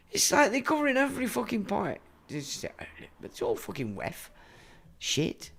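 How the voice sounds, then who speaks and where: A middle-aged man delivers a rambling livestream monologue. His talk is blunt and full of swearing, and his pitch swings widely as he rants. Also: wildly swooping pitch, normal speed, vocal fry, a bit bright, husky. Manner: blunt, profane, ranting. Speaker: livestream host.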